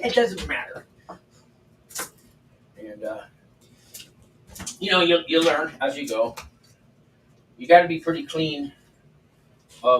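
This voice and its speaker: A medium-pitched, fairly bright voice belongs to an older livestream host who's cooking in his home kitchen. He tells stories casually, with blunt, profane chatter, recorded far from the mic in a roomy space with faint background noise.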